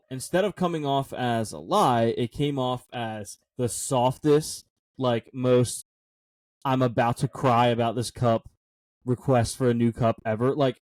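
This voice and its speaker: A man's voice: mid-range voice, dry recording. A young man co-hosting a casual podcast, telling a self-deprecating story and laughing often. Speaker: podcast co-host.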